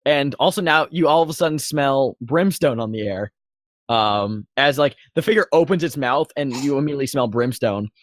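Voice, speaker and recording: A man narrating as dungeon master, halting with many fillers and restarts. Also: medium pitch, expressive, no echo. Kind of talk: narrating a tabletop game.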